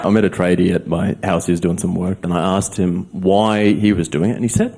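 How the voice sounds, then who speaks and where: A man with an Australian accent doing a stand-up comedy set on stage before a live audience, delivering wry, deadpan jokes and acting out quotes. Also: deep voice, brisk.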